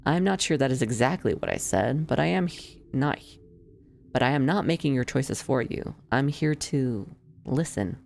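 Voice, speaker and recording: A streamer reading the lines of a calm disembodied male spirit from a game, in measured, patient formal speech. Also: medium pitch, vocal fry, slight background noise. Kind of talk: reading game dialogue aloud.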